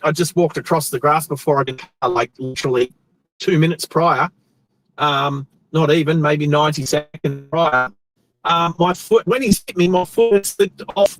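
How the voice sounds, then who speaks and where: An Australian man hosting a show, telling a rambling, animated story with restarts while he drives his car. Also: fairly high pitch, no room sound, rough recording. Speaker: host. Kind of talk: casual storytelling while driving. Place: inside a car on the road.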